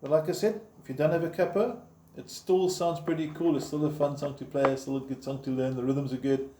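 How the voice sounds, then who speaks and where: A man with a fairly quick, steady, higher-pitched voice gives step-by-step guitar instruction in an informal, encouraging manner, counting beats aloud as he plays. The camera frames the guitar, and the recording has a roomy echo along with the guitar playing.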